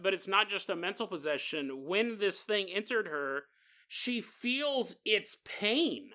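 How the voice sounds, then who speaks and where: A man's voice: high-pitched, bright, forceful tone. A man hosting a podcast, telling a ghost story casually with jokey asides and digressions. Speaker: podcast host. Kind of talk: comedic storytelling narration.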